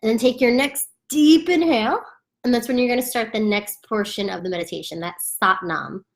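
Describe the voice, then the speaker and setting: A woman's voice: on the high side, fairly quick. A woman teaching a chant to beginners in a casual, chatty way at home, often laughing and demonstrating the sounds. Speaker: yoga instructor. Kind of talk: casual instructional talk.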